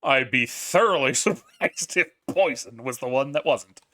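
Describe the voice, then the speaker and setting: A man running a tabletop game as game master, casual and quick to laugh and swear. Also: medium pitch, expressive, pushed and bright.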